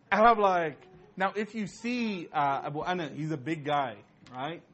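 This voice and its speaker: Male storyteller, slightly high voice, animated and laughing, casual talk. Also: slow pace, dull audio, slight background noise. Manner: animated, laughing often, heavy use of "you know". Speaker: storyteller speaking to an audience.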